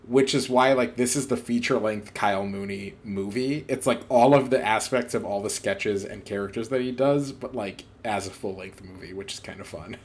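A man's voice: fairly low pitch, moderate pace, few pauses. A man co-hosting a casual podcast, talking about a film in a loose, chatty way and acting out quotes from it. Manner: chatty, lots of "like", acts out quotes. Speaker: podcast co-host.

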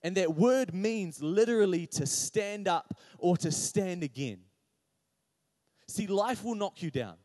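A man's voice: sits high, lively intonation, measured pace, warm tone, no room sound, studio quality. A man preaching a sermon, personal and confessional, rising to impassioned pleading as he speaks to the congregation directly. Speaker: pastor.

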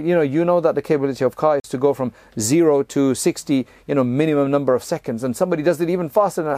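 A man's voice: on the high side, dark tone, no echo. A man giving a conversational religious lesson, explaining step by step, often checking in with "right?" and "you know", and sometimes chanting verses in Arabic. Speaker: Islamic teacher.

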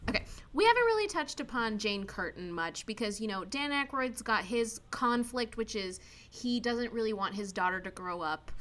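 A woman's voice: mid-range voice, pushed and bright. A woman co-hosting a podcast, chatting about a movie and wandering off into tangents with laughs. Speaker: podcast co-host. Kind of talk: casual movie review chat.

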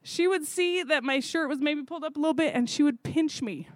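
High-voiced, chatty zoo volunteer woman. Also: a little fast, no echo. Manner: animated, chatty, with fillers and laughs. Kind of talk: casual storytelling.

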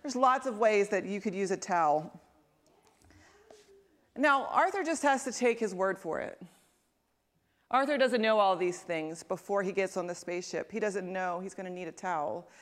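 A woman preaching a sermon in a chatty, conversational way. She asks her listeners questions and waits for their answers. She often drops into a soft, hushed tone to drive a point home. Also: mid-range voice, moderate pace. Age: adult parent. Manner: drops to a soft, quiet tone for emphasis. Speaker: pastor.

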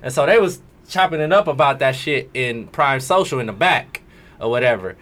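A man's voice: medium pitch, animated, moderate pace, fairly bright tone. A man casually telling a long story in street slang to friends. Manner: laid-back slangy storytelling, slips into voices when quoting people.

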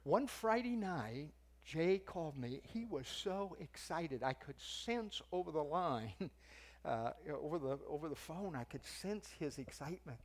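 A man's voice: on the high side, animated, unhurried. An older man preaching and teaching, telling a story in a conversational way and raising his voice for the quoted lines. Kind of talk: sermon.

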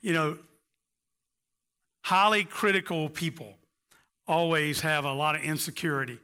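A man's voice: fairly high pitch, unhurried, sharp tone, clear, resonant tone. A man preaching a sermon with impassioned delivery, rising to emphatic peaks. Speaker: pastor.

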